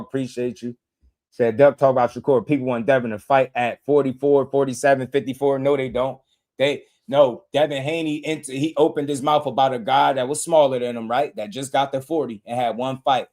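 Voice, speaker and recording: A man's voice: mid-range voice, darkish tone. Emphatic man hosting a boxing livestream. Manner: emphatic, repetitive, slangy, reads super chats aloud. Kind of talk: casual livestream commentary.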